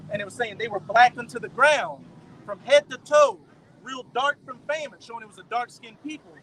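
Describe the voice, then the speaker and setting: A man talking casually outdoors, animated as he explains scripture and old stories. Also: extremely high pitch, fairly quick, poor audio.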